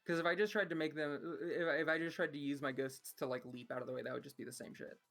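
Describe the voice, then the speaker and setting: A man's voice: fairly high pitch, fairly even intonation, fast, a bit bright. Male player, casual, hesitant thinking-aloud delivery, faint music underneath. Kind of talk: casual tabletop play.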